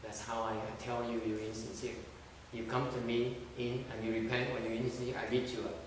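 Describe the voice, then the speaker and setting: Blunt Buddhist master, echoey hall. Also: male voice, medium pitch, level tone, brisk, recorded from a distance, background noise. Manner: blunt and scolding, with rhetorical questions. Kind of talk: dharma talk sermon.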